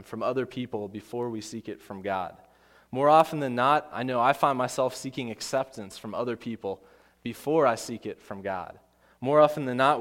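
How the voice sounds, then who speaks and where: A man preaching a sermon, telling a Bible story with acted voices and emphatic repetition. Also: mid-range voice. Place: church. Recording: long hall reverb.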